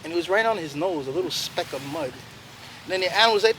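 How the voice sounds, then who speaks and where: High-voiced man telling a story outdoors. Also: a little fast. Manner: animated, playful, chatting with listeners. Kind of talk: traditional storytelling to a group. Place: outdoors by a road. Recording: loud outdoor traffic noise. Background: traffic noise.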